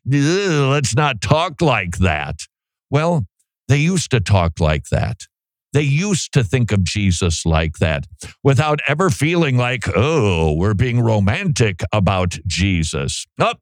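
Animated man hosting a chat show. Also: on the low side, no room sound, clean studio sound. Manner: animated, musing, rhetorical questions. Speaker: podcast host. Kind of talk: casual chat with a co-host.

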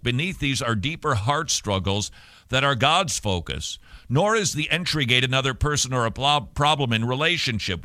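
A man with a bright, forceful voice teaches parents about Christian counseling. He speaks earnestly and emphatically, rising sharply in pitch on key words. The sound is close and dry. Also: no room sound. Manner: earnest, emphatic, animated with sudden rises in pitch.

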